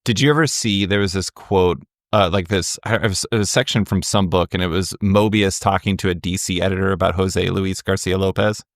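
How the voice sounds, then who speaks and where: A man with a fairly low voice hosts a podcast interview. He asks thoughtful questions in a conversational way. The recording is dry and close. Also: steady tone, fairly quick, hardly any pauses, dry recording. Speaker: podcast host.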